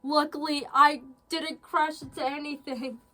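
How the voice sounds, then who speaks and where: A young woman hosting a casual chat, giving short reactions with halting restarts. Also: high-pitched, fairly even intonation, pushed and bright, recorded from a distance. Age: young adult. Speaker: host.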